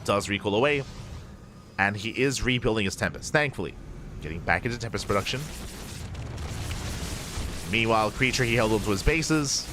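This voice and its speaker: Excitable male esports caster. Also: fairly low pitch, noisy background. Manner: quick, excitable calls that jump up at big plays. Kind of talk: live play-by-play commentary.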